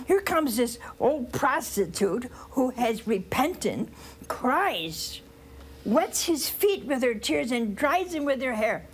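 An older woman, a nun, giving a slow, tender spiritual talk on a call-in program, dropping to a whisper on key phrases. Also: high voice, big pitch swings, breathy edge. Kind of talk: spiritual teaching with phone calls.

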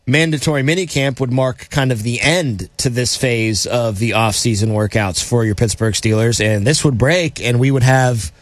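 A male sports podcast co-host in a casual, joking chat. His pitch is ordinary middle. The sound is dry and close to the mic. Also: normal speed, hardly any pauses, no echo. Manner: joking, playful.

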